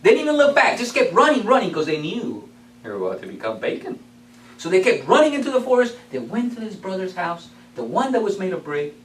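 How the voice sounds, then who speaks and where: Animated man telling a story in an echoey hall. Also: high voice, fairly quick, a little hiss or hum. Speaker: club speaker. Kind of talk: storytelling speech. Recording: echoey room from far off.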